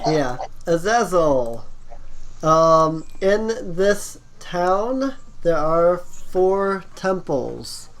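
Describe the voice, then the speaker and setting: A game master narrates a tabletop role-playing session at a very slow, deliberate pace. The voice sits at a middle pitch and often pauses on fillers while describing the scene. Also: sing-song, rough recording.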